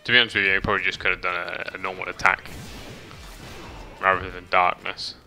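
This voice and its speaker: A man's voice: sits low, little pitch movement, brisk, pushed and bright. A man chatting casually as he streams a game, reading chat and swearing lightly, with faint game music behind. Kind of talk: casual gameplay commentary.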